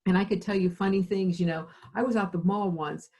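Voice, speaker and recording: A woman's voice: medium pitch, fairly even intonation, a little fast, a little mellow, low-quality recording. A middle-aged woman, an occupational therapy program director, telling her career story in an interview and acting out the dialogue as she goes.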